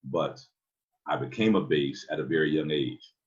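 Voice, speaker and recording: Male guest poet: low natural bass, relaxed anecdotal delivery, muffled lo-fi sound. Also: brisk. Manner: laid-back storytelling, laughs at himself. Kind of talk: casual podcast chat.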